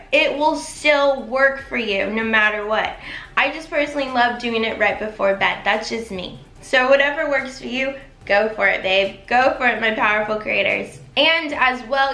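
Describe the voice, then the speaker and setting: Bright upbeat woman coaching viewers. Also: on the high side. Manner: upbeat, encouraging, addresses viewers directly. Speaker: manifestation coach. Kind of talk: instructional vlog talk. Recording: echoey room.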